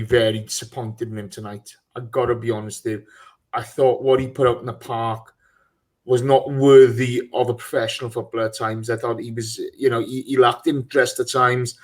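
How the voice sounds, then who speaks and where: A man hosting a live podcast, talking in an animated, frustrated way with stumbling restarts. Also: medium pitch. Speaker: podcast host. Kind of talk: casual live podcast chat.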